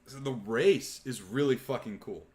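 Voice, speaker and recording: A young man hosting a live podcast, casually chatting and excitedly retelling a movie with lots of swearing. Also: medium pitch, moderate pace. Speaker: podcast host. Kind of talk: casual chat on a live stream.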